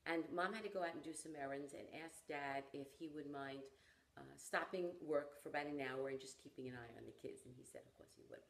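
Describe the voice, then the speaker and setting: A woman who teaches parenting, telling a story in conversation and acting out the people in it with lively expression. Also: deep voice, fairly quick, gravelly. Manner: animated storyteller who acts out the people in her stories. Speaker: parenting educator. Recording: roomy echo.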